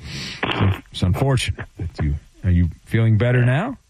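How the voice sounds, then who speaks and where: A man's voice: fairly low pitch, very animated, moderate pace, darkish tone, no room sound. A man hosting a sports talk radio show, teasing callers with showman delivery. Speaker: radio host.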